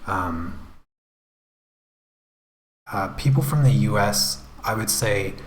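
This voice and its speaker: A young man with a low, deep voice talks slowly in a rambling, halting way. He hosts a casual live stream, full of fillers and restarts. His voice sounds roomy, with faint hiss behind it. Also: expressive. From United States. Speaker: art channel host.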